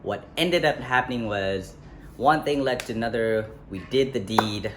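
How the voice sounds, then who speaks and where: A man's voice: medium pitch, moderate pace. A young man telling a personal story in a casual vlog, rambling and correcting himself with lots of fillers. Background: faint street ambience, passing traffic.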